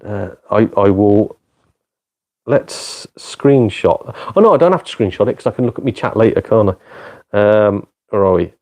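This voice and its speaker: A man's voice: on the low side, lively intonation, normal speed, a little mellow. A man chatting casually with viewers on a live gaming stream. He is self-deprecating, swears and laughs often. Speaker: gaming live streamer and part-time comedian.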